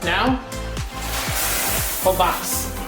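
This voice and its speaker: Speaking very slowly in a lowish voice, a woman hosts a kids' program where she reads a story and leads a cooking demonstration. Her delivery is playful and sing-song, addressed directly to the children, and the recording sounds roomy, with a distant mic and background music.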